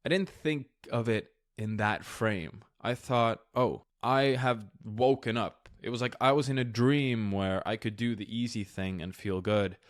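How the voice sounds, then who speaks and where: Man, low voice, dry close sound, candid reflective solo podcast talk, casual swearing. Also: normal speed, few pauses, no room sound. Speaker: podcast host.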